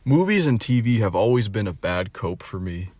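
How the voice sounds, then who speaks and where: A man's voice: on the low side, sing-song, moderate pace, darkish tone, no room sound. A man in his twenties ventingely rambling in a casual monologue, swearing often and filling his talk with "like" and "you know", recorded on a phone. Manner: rambling, profane, deflated, full of "like" and "you know". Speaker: vlogger.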